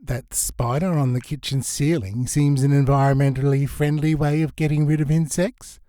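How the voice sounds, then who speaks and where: A man's voice: medium pitch, steady tone, moderate pace, mellow, no room sound, clean studio sound, close to an everyday voice. A man voicing a chipper, matter-of-fact male neighbour with a sly streak. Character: cheerful scheming man, friendly neighbour.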